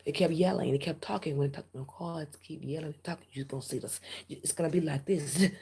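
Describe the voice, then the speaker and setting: A woman tarot reader addresses her viewers directly to camera with a blunt, preachy reading, often dropping into half-whispers. Her deep voice is very husky and gravelly with a dark tone, and she talks a little fast with few pauses over soft background music.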